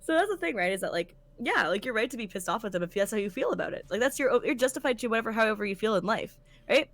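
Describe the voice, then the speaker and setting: Fast-talking blunt woman podcast co-host. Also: a little high, dry recording. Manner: blunt, animated, swears freely. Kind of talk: casual chat.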